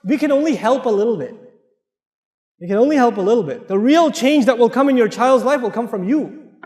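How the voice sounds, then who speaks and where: A man's voice: very high voice, animated, fairly quick, darkish tone. A man with an American accent preaching a joking, direct sermon to families. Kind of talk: humorous sermon. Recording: echoey hall with long reverb.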